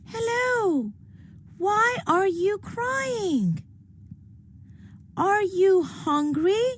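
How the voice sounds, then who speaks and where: A cheerful little kingfisher from a children's storybook, as a woman acts him out, speaks eagerly and helpfully. The voice is very high and lively, paced slowly and clearly. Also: slight background noise, heavily acted.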